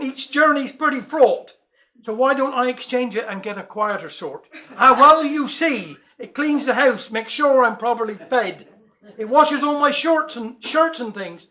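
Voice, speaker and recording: A man's voice: very high-pitched, bright, forceful tone. A Cornish man performing dialect comic verse and jokes, chuckling through his own punchlines. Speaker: dialect comedian.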